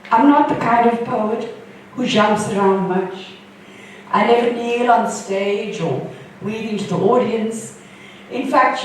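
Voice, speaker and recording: A woman poet and filmmaker reading her poems slowly and rhythmically, then answering audience questions. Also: mid-range voice. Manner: slow, measured, rhythmic delivery. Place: event hall. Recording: echoey hall from far off, faint noise.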